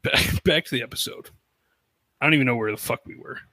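A man co-hosting a podcast, recapping a cartoon episode in animated, casual storytelling with quoted lines and swearing. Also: mid-range voice, fast talker, no room sound, rough recording. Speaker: podcast co-host.

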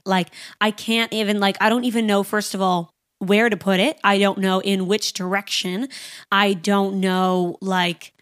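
A young adult woman hosts a podcast, telling a personal story in a casual monologue; her voice is medium-pitched, a bit bright, with fairly even intonation and a moderate pace. She's candid and chatty, says "like" constantly, and speaks bluntly and frankly about awkward topics.

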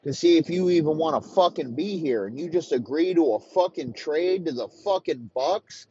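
A man's voice: mid-range voice, unhurried, dull audio, a little hiss or hum, lightly acted. A man voicing a furious, foul-mouthed male football coach who berates and swears. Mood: enraged. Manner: profane, berating, escalating yelling.

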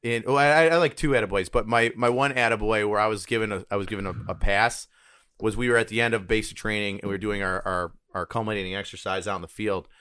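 A man who is a podcast guest, telling army stories fast and animatedly and jumping up loud when he gets excited. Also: lowish voice, smooth, no room sound, studio quality. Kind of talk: casual chat.

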